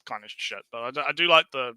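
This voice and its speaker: A man's voice: medium pitch, quick pace, pushed and bright, smooth, no room sound. A man chatting casually on a stream, rambling and swearing, often laughing. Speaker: stream co-host. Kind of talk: casual chat.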